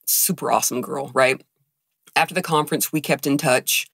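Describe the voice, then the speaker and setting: A woman's voice: very deep voice, steady tone, normal speed, vocal fry, breathy edge, dry recording, studio quality. A woman co-hosting a podcast, telling an emotional personal story with lots of quoted dialogue. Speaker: podcast co-host.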